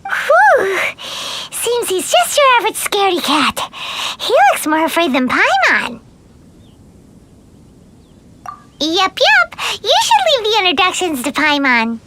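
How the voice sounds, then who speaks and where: An actress voicing a tiny, chatty and excitable floating fairy companion in a video game, with a squeaky childlike voice, talking about herself in the third person. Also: female voice, measured pace, slight background noise, heavily acted. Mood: cheerful. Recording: game audio with music behind.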